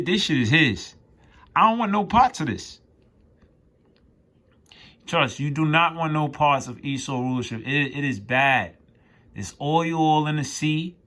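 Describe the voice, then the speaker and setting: A man teaching scripture in an informal, emphatic way, reading verses aloud and riffing on them in rough, profane slang. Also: fairly high pitch, fairly bright tone. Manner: reads scripture aloud then riffs on it. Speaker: street preacher.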